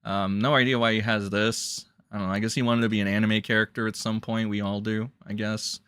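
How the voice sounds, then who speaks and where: A man's voice: lowish voice, little pitch movement, a little fast, fairly bright tone, smooth, no echo, studio quality. A man ranting as a commentary streamer, profane, sarcastic and incredulous.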